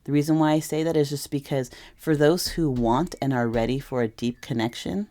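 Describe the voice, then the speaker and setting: A woman's voice: very deep voice, steady tone, fairly quick, warm tone. A woman giving a casual tarot reading to camera, rambling and emotional, often correcting herself mid-sentence. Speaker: tarot reader.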